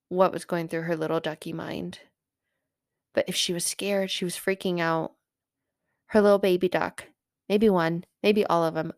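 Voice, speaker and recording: A middle-aged woman and mother telling a personal faith story as a podcast host, rambling and animated and often correcting herself. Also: on the low side, no room sound, clean studio sound.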